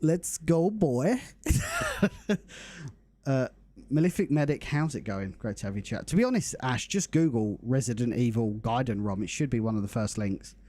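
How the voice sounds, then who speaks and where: Young man, live-stream host, mellow voice, upbeat, casual chat with viewers. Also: medium pitch. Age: young adult. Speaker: livestream host.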